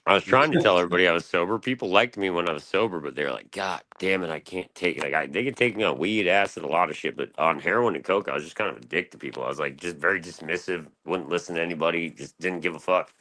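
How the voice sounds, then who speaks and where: A man's voice: deep voice, fast talker, hardly any pauses, sharp tone. An American man on a livestream panel, rambling casually and swearing a lot, calling everyone "dude" and "dog.". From United States. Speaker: panel guest.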